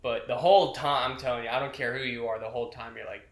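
A man's voice: medium pitch, fairly even intonation, quick pace, few pauses, reverberant. A young man, a military veteran, telling profane boot camp stories in casual chat with friends, laughing as he goes.

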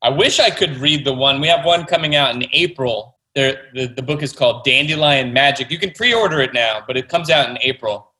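A man's voice: mid-range voice, fairly quick, hardly any pauses, bright, forceful tone, poor audio. A man, a children's book author, chatting enthusiastically as an interview guest. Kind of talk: casual interview talk.

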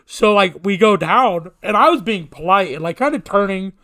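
A man telling a long story in casual, profane chat, poking fun at himself and getting more animated as it goes. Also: sits high, moderate pace, no room sound, studio quality.

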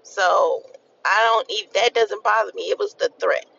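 High, gravelly man talking bluntly. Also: steady tone, normal speed, bright, forceful tone. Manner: blunt, profane, emphatic. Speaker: podcast co-host. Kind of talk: casual commentary. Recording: dull mic with faint noise.

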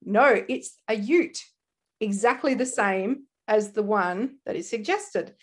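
Animated Australian woman telling a crime story. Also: mid-range voice, slow pace. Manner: animated storyteller, laughs often, slips into quoted voices. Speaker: podcast co-host. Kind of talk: casual true-crime podcast chat.

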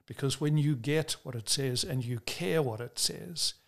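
An earnest man from Australia tells stories and makes his points at a measured pace. He leans on his key words and slows down to stress them. His voice sits at an ordinary middle pitch. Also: vocal fry, a bit bright. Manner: measured, earnest storytelling with slow emphatic stresses. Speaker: preacher. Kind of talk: interview answers.

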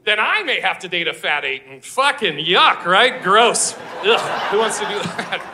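A man doing a stand-up comedy set on a live stage, loud and brash, swearing and laughing at his own jokes. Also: sits high, expressive, slow pace, pauses often, crowd noise, background noise. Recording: live show with audience laughter.

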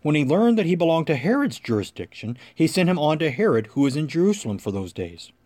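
A man giving a clear, expressive liturgical scripture reading. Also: on the high side, quick pace. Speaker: scripture reader.

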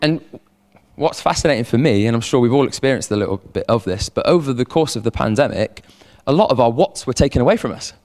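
A man preaching a sermon as a pastor, animated, repeating words and calling on the congregation to respond. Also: medium pitch, fast. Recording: long hall reverb.

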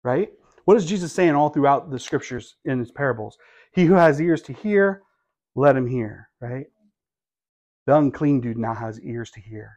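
A man's voice: mid-range voice, lively intonation, moderate pace, darkish tone. A man preaching a sermon in a conversational way, with wry asides and rhetorical questions to the congregation. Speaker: pastor.

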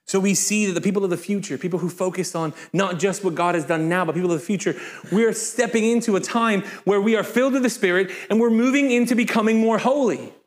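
A man with a high, bright voice preaches a sermon to his congregation. He is lively and informal, dropping joking asides between scripture readings. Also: fast. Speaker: pastor. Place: church in front of a congregation.

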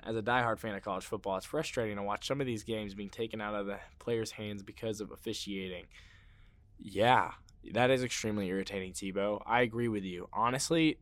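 On his casual sports podcast, a young man with a fairly low voice rambles through his views, using lots of fillers and restarts. When he rants, he gets worked up and loud. There's no echo.

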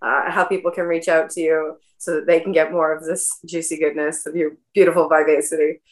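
A woman's voice: low-pitched, flat delivery, a little fast. A woman hosting an interview in casual chat, affirming often with fillers. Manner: affirming, frequent yeahs, fillers. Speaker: interview host.

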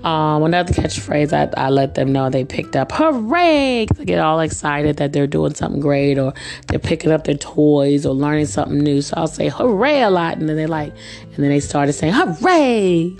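Low-voiced chatty woman, a bit hoarse. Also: level tone, brisk, darkish tone, soft background music. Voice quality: slightly rough voice. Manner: chatty, laughs often, acts out children's squeaky voices. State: hoarse from allergies. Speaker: podcast host. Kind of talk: casual storytelling monologue.

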